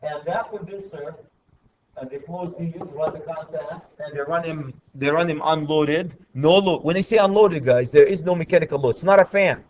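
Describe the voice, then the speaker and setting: A man's voice: fairly high pitch, normal speed, a little mellow, lo-fi sound, slight background noise. A man teaching an electrical class, often stopping to ask students for questions. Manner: repetitive, checks in with students often. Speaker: electrical instructor. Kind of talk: classroom lecture.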